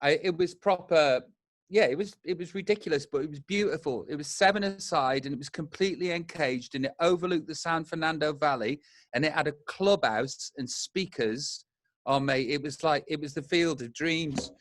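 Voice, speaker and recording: A man's voice: on the high side, moderate pace, no room sound. A man in his forties with an English accent, chatting casually and swearing freely as a guest over a video call. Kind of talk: casual chat.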